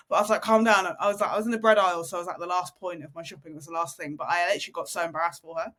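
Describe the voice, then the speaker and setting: A woman's voice: mid-range voice, racing, few pauses. Candid young woman podcaster. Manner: candid, animated anecdotes, reads notes aloud. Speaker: podcast co-host. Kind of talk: casual chat.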